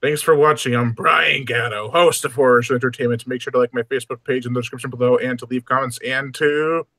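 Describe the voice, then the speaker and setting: A man hosting a casual live stream chat with friends, laughing often and pausing with ums while reading comments. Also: medium pitch, fairly even intonation, a bit bright, dry recording. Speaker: host.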